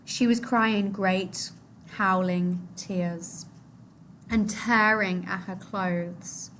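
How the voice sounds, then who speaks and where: A woman reading a novel aloud to a class, expressive, her voice dropping low and soft at the sad moments. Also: drawn-out words, slight background noise.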